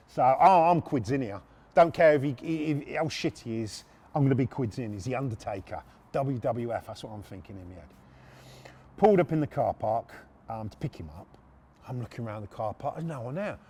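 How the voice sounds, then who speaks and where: A middle-aged man hosting a podcast, telling a story in an animated, sweary, self-mocking way. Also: medium pitch, a little fast, breathy edge. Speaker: podcast host. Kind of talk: storytelling monologue.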